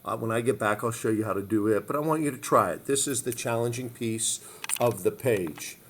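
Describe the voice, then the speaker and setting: A male math teacher talks through each equation step by step in an even, mid-range voice. He repeats key moves and keeps checking in with his students as he works. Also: mid-range voice, a little fast, slight background noise. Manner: step-by-step, repeats phrases, frequent "okay?" check-ins. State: hiccups. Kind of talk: recorded math lesson walkthrough.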